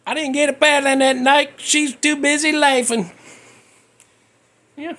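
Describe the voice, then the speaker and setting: A man's voice: very high-pitched, steady tone, a little slow, a bit bright. A middle-aged man hosting a podcast, telling a rambling, self-mocking story in a folksy way with loose grammar. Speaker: podcast host. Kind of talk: casual storytelling monologue.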